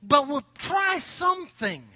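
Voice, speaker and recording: A man preaches to his congregation in an animated, folksy way, joking as he makes his point. His voice sits unusually high and sounds bright and forceful. The sound is dry and close. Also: slow, no room sound. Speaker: pastor. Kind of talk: sermon.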